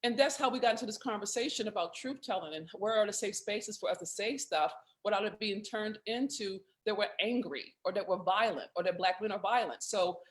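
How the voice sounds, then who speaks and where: A woman's voice: medium pitch, brisk, hardly any pauses. A woman hosting a live video conversation, joking and emotional, her voice catching with feeling. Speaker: host.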